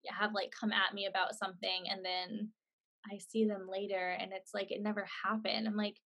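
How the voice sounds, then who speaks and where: A woman hosting a casual chat, talking in a relaxed way full of "like"s and "you know"s. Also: medium pitch, normal speed.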